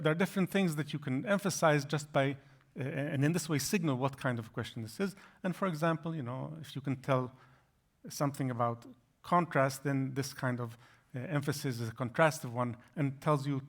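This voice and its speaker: Guy lecturing over slides, mid voice, keeps restarting his sentences. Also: medium pitch. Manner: explanatory, halting with frequent restarts. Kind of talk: academic lecture.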